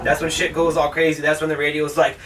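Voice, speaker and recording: A man's voice: on the high side, completely flat delivery, quick pace, far from the mic, background noise. A man reviewing a movie in a casual, rambling, sarcastic way, heavy on swearing. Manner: profane, rambling, sarcastic, with mocking put-on voices.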